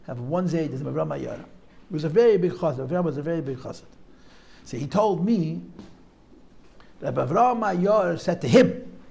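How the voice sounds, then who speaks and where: Gravelly, high-pitched middle-aged man storytelling. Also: darkish tone. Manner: digressive, repeats phrases, peppers speech with Yiddish and Hebrew terms. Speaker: teacher giving a talk. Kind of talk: storytelling talk at a Chassidic gathering. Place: seminary classroom, live audience.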